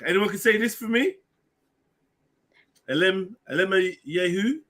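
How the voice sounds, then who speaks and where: Bright-voiced man hosting a stream. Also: sits high, a little slow. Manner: banters and teases the panel. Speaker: stream host. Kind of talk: casual panel chat.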